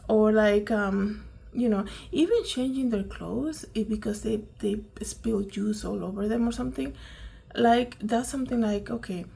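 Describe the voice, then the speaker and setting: A woman's voice: mid-range voice, a little slow, creaky, warm tone, slightly rough. A woman giving casual, indignant commentary, full of fillers and rhetorical "right?" questions. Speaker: commentary vlogger.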